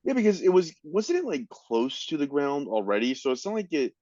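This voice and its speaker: A man co-hosting a history podcast, easygoing and thinking out loud as he reacts to the story. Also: fairly high pitch, very animated, a little fast, no room sound, muffled recording. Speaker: podcast co-host. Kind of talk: casual history chat.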